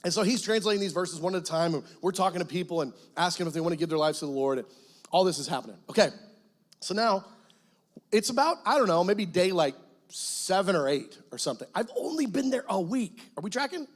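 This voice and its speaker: A man, a guest pastor, telling his testimony as a sermon in lively storytelling that bursts into excited, shouted quotes. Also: high voice, fast talker.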